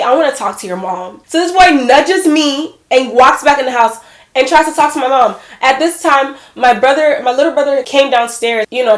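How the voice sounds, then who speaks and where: A woman's voice: a little high, reverberant. Chatty young woman telling a storytime. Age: 20s. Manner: animated, addresses viewers as y'all and girl. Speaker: vlogger. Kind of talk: casual storytime chat.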